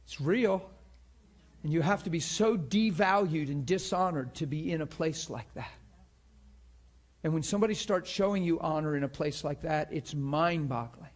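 A man's voice: fairly high pitch, normal speed. A middle-aged male pastor telling a story in a sermon, acting out the voices of the people in it with strong feeling. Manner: emotional, acts out both sides of a story.

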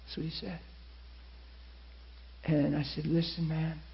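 A man's voice: on the high side, completely flat delivery, measured pace, vocal fry, dull audio. A man preaching a sermon, telling a story and acting out the people in it.

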